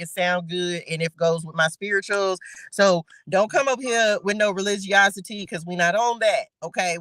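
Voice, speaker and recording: A woman's voice: mid-range voice, a bit bright, no room sound. A woman hosting a casual livestream Bible study. She reads scripture aloud and chats playfully with her viewers, laughing as she goes. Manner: chatty and playful, laughing, talking straight to viewers.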